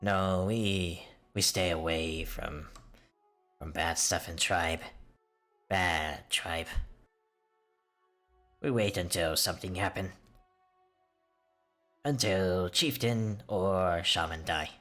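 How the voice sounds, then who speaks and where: A man's voice: sits low, fairly even intonation, slow pace, long pauses, pushed and bright, soft background music, heavily acted. Man voicing a wary kobold guard in broken speech. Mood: earnest. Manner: clipped broken grammar.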